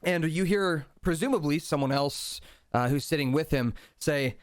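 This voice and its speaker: A man's voice: mid-range voice, steady tone, a little slow, clear, resonant tone, no echo, studio quality. A man narrating a tabletop game as game master, in an easygoing, descriptive way.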